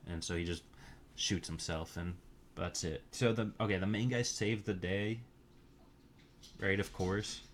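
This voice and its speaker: Man, very low voice, casual rambling movie recap, crude and offhand, faint hiss behind. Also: fairly even intonation, unhurried, pauses often. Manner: offhand, crude, meandering with many fillers. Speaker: movie reviewer.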